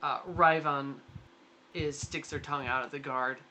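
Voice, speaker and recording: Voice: mid-range voice, fairly even intonation, normal speed, pushed and bright, slight background noise. A game master narrating a tabletop role-playing game in a rambling way, full of fillers and restarts. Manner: rambling, lots of likes and restarts.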